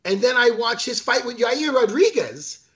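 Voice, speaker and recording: Animated high-voiced podcast host. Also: male voice, normal speed, muffled recording. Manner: animated, rambling, swears casually. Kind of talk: casual chat.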